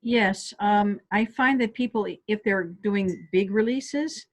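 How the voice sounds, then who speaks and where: A woman calmly guiding listeners step by step through a stress relief tapping exercise on a video call. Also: mid-range voice, slow pace. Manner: calm step-by-step coaching. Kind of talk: guided tapping exercise instruction. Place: home office on a webinar.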